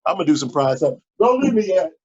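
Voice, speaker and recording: A man preaching a sermon as pastor, animated and exhortative, breaking into sudden high exclamations. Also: racing, breathy edge, highs cut off. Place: at home.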